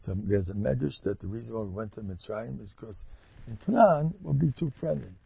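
Husky gravelly guy telling stories in a sermon, gets loud and emphatic, dull dry recording. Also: lowish voice, fairly quick. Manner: animated storytelling with sudden loud emphatic rises. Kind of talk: storytelling sermon.

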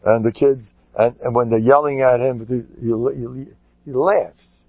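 A man, a rabbi, giving a lively storytelling Torah talk, acting out quotes and sprinkling in Yiddish and Hebrew words. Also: medium pitch, a little slow, dry recording. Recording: dull lo-fi recording.

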